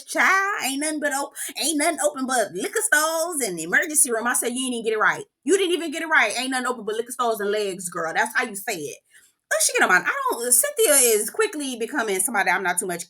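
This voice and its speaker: A woman hosting a casual reality TV review vlog, sassy and animated, talking straight to her viewers and calling them "girl". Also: a little high. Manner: talks straight to the viewers, asking what they think. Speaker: host of a reality TV review channel.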